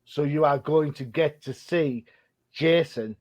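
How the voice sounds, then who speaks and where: A man's voice: on the high side, unhurried, a little mellow, poor audio. A man hosting a casual comic-book podcast, rambling and chatty with plenty of restarts. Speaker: podcast host.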